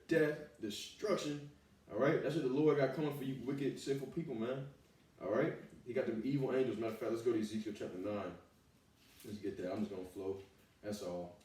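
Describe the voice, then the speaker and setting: Fiery male street preacher with a mellow, dark tone, recorded far off the mic. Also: medium pitch. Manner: loud, emphatic and blunt, with street slang. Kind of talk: fiery slangy sermon with scripture reading. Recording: very echoey room, voice far from the mic.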